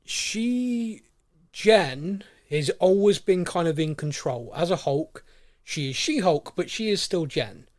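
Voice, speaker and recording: A man co-hosting a podcast, talking excitedly in casual chat and acting out characters' lines. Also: high voice, slow. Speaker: podcast co-host.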